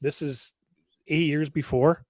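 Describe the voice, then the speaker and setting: A man with a slightly higher voice talks a movie through in a relaxed, conversational way. The recording is dry and close. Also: slow pace, no echo. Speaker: podcast co-host. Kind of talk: casual podcast chat.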